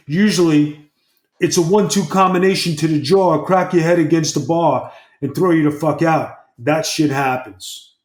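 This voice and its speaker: A man co-hosting a podcast as a mob historian, talking bluntly and profanely in a rambling way. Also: fairly high pitch. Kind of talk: casual podcast chat. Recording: roomy echo.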